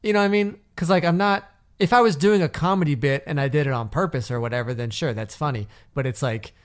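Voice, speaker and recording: A man's voice: fairly high pitch, fast, smooth. Rambling man in his thirties. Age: 30s. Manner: rambling, with many restarts and "like". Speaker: podcast guest. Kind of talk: casual podcast chat.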